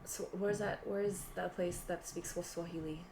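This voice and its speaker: A woman's voice: fairly low pitch, moderate pace, crowd noise. A woman co-hosting a podcast, telling a rambling story full of fillers and laughter. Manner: rambling, animated retelling with frequent laughs and fillers. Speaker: podcast co-host. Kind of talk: casual storytelling chat. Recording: roomy echo.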